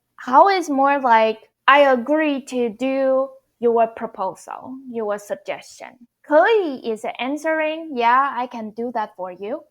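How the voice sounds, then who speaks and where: Slow, patient woman teaching. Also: on the high side. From Taiwan. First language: Mandarin. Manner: patient, repeats phrases slowly for learners. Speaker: Mandarin teacher. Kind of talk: online language lesson.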